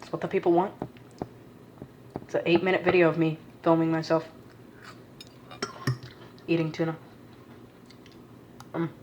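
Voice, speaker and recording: A woman's voice: low voice, level tone, a little slow, pauses often, highs cut off, noisy background. A woman vlogging in her home kitchen, filming on a phone in one hand, rambling and swearing to herself as she cooks. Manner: rambling, profane, muttering to herself. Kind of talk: casual self-filmed cooking vlog. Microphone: phone held in one hand.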